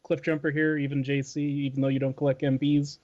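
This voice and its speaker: A man's voice: medium pitch, little pitch movement, fairly quick, darkish tone. A man hosting a podcast, casually moving the group through news topics with some fillers. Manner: moderating, leading topics with fillers. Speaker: podcast host. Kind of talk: casual chat. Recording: dull lo-fi podcast audio.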